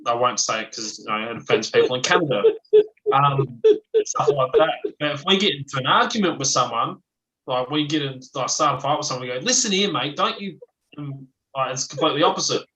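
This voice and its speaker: Australian man, bright tone, blunt and foul-mouthed, casual chat, lots of laughing. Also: medium pitch, brisk, rough recording. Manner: blunt, swears freely, laughs often. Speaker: livestream guest, ex-chef.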